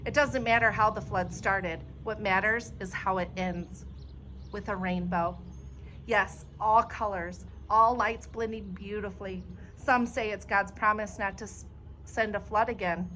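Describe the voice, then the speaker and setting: A woman voicing a frail old grandmother who speaks gently and soothingly, in a storybook reading. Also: medium pitch, fairly even intonation, measured pace, slight background noise.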